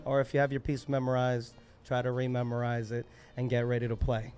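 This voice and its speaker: A man hosting a live open mic, joking, swearing and hyping the crowd with loud, playful crowd work. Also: mid-range voice, monotone, brisk, clean tone. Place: live poetry venue with an audience.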